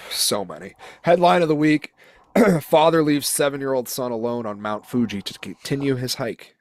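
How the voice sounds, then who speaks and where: A man's voice: mid-range voice, moderate pace, no room sound. Young guy cohost riffing on weird headlines, swears a lot, dry close sound. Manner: profane, joking storyteller reading headlines aloud. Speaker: podcast co-host. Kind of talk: casual chat.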